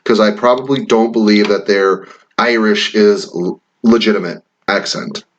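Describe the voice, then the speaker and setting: A man's voice: on the low side, fairly even intonation, moderate pace. A man from Wisconsin chatting casually and swearing now and then as he reads quiz questions aloud and riffs on them. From Wisconsin, USA. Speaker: vlogger taking online quizzes. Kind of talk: casual rambling commentary.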